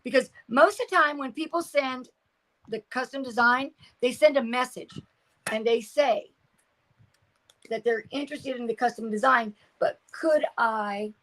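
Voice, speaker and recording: Older woman, fairly high voice, chatty craft livestream host, trails off mid-thought. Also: a little slow, a bit bright, low-quality recording. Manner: chatty, reads viewer comments aloud, trails off searching for words. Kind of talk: casual chat while crafting on a livestream.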